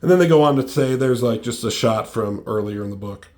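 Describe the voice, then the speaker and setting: A man's voice: medium pitch, animated, fairly quick, a little mellow. A young man in casual chat, walking through his own comic book, with many fillers like "like" and "um".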